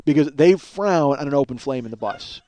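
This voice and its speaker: A man's voice: medium pitch, lively intonation, fairly quick, dark tone. A middle-aged man from the Chicago area telling rambling, profane, self-mocking comic stories as a podcast host, acting out bits of dialogue. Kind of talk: comic storytelling monologue.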